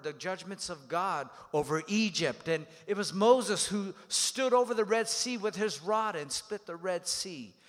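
A man preaching a sermon as pastor, emphatic and dynamic, calling on the congregation to repeat phrases. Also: sits high. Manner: dynamic preaching with swings in loudness. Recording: long hall reverb.

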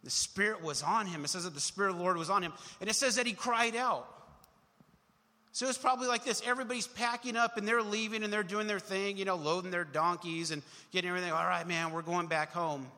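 A young man preaches to his congregation in a high, bright voice. He drives his points with emphatic surges and sudden quiet drops. The sound rings with the long reverb of a large hall. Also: quick pace. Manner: emphatic, builds to shouts then drops low. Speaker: pastor. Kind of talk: sermon. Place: church hall.

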